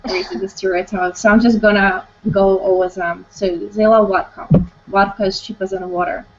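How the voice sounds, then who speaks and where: A woman's voice: medium pitch, fairly even intonation, a little fast. A woman from Ukraine, teaching an online English conversation class and leading it with short questions. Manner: leads discussion with short prompts and questions. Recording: dull lo-fi call audio.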